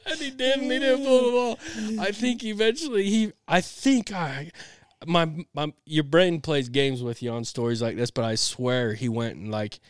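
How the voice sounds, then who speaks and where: A young man co-hosting a podcast, telling a family story in an animated way and laughing often. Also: a little high, normal speed, clear, resonant tone. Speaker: podcast co-host. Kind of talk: casual storytelling chat.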